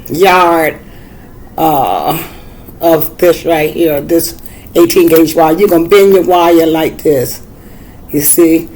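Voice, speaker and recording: A woman's voice: on the low side, darkish tone, poor audio. An older woman with a Southern US accent giving a casual, folksy how-to demonstration, chatting and repeating herself as she works. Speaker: craft tutor.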